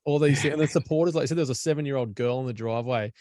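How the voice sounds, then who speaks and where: Fast-talking Australian man hosting a podcast. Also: mid-range voice, darkish tone, dry recording, studio quality. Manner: chatty, blunt, matey. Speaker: podcast host. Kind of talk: casual podcast chat. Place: at home. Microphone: online call.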